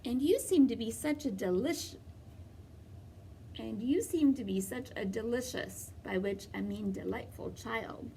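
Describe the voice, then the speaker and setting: A woman voicing a sly, smooth-talking male wolf in a storybook read-aloud, slow and silky. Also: fairly high pitch, animated, a little hiss or hum.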